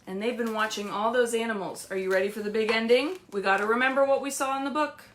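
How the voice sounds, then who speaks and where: A woman librarian reads picture books aloud to young children, using an animated, sing-song storytelling voice that is fairly high and fast, and often asking them questions. The session is streamed live.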